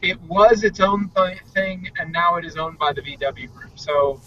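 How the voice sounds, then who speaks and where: Excitable man hosting from a moving car. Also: high-pitched, moderate pace. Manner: excitable, joking and rambling. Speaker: podcast host. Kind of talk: casual live show chat. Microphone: mobile hotspot link from the car. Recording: dull, distant car-mic sound with road noise.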